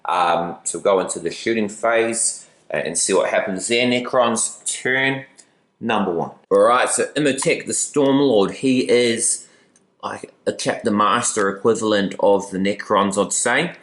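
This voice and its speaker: A man's voice: lowish voice, measured pace, a bit bright, reverberant. Chatty man narrating a tabletop battle. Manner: casual, chatty, with playful asides. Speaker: battle report host. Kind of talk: tabletop game commentary.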